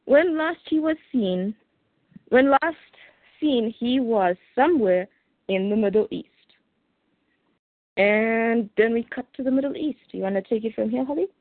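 A woman's voice: fairly high pitch, lively intonation, no room sound. A woman co-hosting a casual podcast, chatting and adding asides about a comic book. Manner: chatty, adds asides and quick reactions. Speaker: podcast co-host. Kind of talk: casual chat. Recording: tinny phone-like line.

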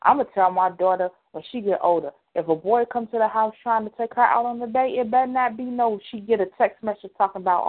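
A woman co-hosts a radio talk show, chatting casually and emphatically and addressing listeners directly. Her voice is medium-pitched and she talks quickly with few pauses. The sound is tinny, like a phone line.

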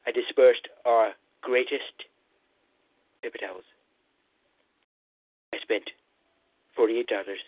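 Man doing a husky blustering president over the phone. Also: on the low side, no echo. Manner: rambling, repetitive "listen", boastful bluster. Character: blustering boastful male president, rambling and self-praising. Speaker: comedy caller. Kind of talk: comic impression call-in. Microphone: phone call-in. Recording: tinny phone line, dry.

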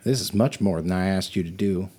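A man's voice: deep voice, fairly quick, darkish tone, slightly rough. A man voicing a kindly, folksy older woman merchant who talks with a homespun drawl. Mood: grateful.

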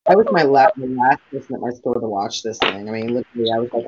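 A podcast co-host with an extremely low-pitched voice talks fast with hardly any pauses, rambling and swearing freely amid lots of fillers. The recording is dull and lo-fi, with a noisy background.

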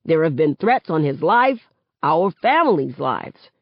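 A woman's voice: sits low, sing-song, measured pace, dry recording, highs cut off, exaggerated voice. A woman reading aloud, voicing a middle-aged father who earnestly complains about his family's hardship. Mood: aggrieved.

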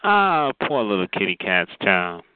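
A man's voice: on the low side, sing-song, unhurried, very noisy. A man hosting a call-in show, sassily roasting a caller and drawling "child" and "honey" between every jab. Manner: sassy, drawling, calls others child and honey. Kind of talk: sassy comedic roasting on a phone call. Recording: tinny phone line.

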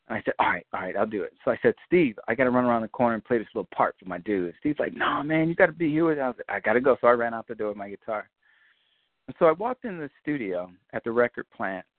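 Man, casual storyteller, very lively intonation, crude and animated, thin phone-line sound. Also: medium pitch, fast talker, no echo. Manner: animated, profane, acts out quoted dialogue. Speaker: guest musician telling a story. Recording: tinny phone-like line, dry.

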